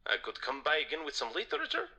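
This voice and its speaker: A smug lecturing vampire. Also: male voice, on the high side, huge pitch swings, fast, bright, forceful tone, husky, exaggerated voice. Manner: lecturing, theatrical. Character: smug eco-minded male vampire. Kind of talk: video game voice acting.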